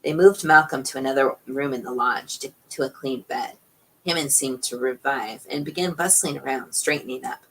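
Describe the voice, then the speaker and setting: Husky low-voiced woman reading a novel. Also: a bit bright, rough recording. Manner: unhurried, voices characters with pitch lifts. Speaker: audiobook reader.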